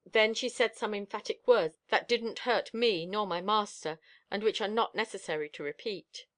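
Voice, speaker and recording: A woman narrating an audiobook in steady, expressive storytelling, told as the dog's own account. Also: mid-range voice, moderate pace.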